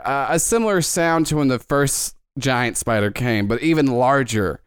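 A man's voice: medium pitch, normal speed, clear, resonant tone, no room sound, clean studio sound. A man narrating as game master, rambling and often breaking into giggles.

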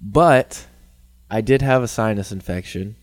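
A man co-hosting a podcast in casual chat, laid back and near monotone, his voice going hoarse from a sinus infection. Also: lowish voice, measured pace, no echo. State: losing his voice, throat clogged. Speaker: podcast co-host.

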